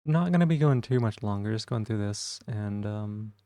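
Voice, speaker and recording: A man streaming live in casual chat, soft-spoken and rambling as he reads the chat aloud. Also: lowish voice, lively intonation, moderate pace, dry recording.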